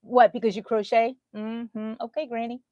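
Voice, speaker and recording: A woman's voice: fairly high pitch, level tone, moderate pace, no echo, dull audio. A woman from Texas hosting a casual live chat, greeting viewers by name in an affectionate, chatty way. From Texas, USA. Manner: chatty, affectionate, reads viewer names aloud. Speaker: livestream host.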